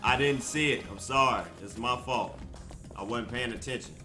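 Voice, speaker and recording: A man giving casual gameplay commentary, loud, profane and excitable, joking with his viewers. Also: mid-range voice, normal speed. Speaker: gaming streamer. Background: game music.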